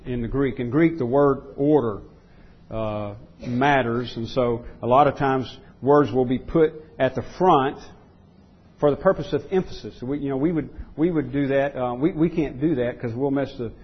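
Husky-voiced man preaching emphatically. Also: mid-range voice, muffled recording. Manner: emphatic preaching, repeats phrases for stress. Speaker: pastor. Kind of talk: sermon.

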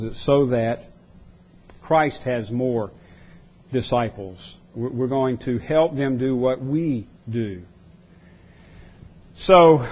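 A man's voice: mid-range voice, breathy edge, muffled recording. A man preaching a sermon as pastor, repeating key words for emphasis and restarting his sentences often.

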